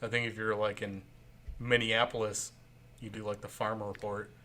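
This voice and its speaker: A man's voice: fairly low pitch, flat delivery, moderate pace, bright, forceful tone. A man co-hosting a podcast, chiming in with wry, sarcastic jokes during a casual comic book chat. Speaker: podcast co-host.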